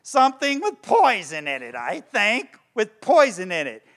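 A man voicing a wicked green witch casting a spell, with a shrill, gloating, sing-song delivery. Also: wildly swooping pitch, a little slow, fairly bright tone, heavily acted.

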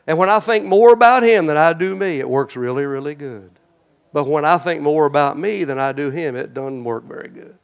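A man preaching a sermon in a folksy way, talking straight to his congregation and swinging between loud, emphatic lines and hushed, prayerful ones. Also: a little high, brisk, smooth. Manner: folksy, addresses the congregation directly.

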